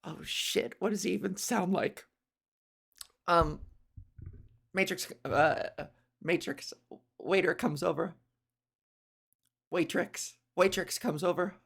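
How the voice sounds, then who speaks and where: Gravelly-voiced woman comedian rambling. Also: on the low side, takes it slowly, pauses often, fairly bright tone. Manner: rambling, profane, self-interrupting. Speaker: comedian podcast host. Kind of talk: rambling comedic podcast monologue.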